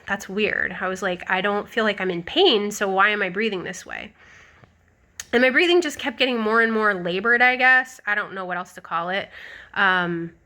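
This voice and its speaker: A woman's voice: medium pitch, normal speed, pushed and bright. A young woman telling a personal story to the camera in a casual, rambling way, full of likes and ums. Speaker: vlogger.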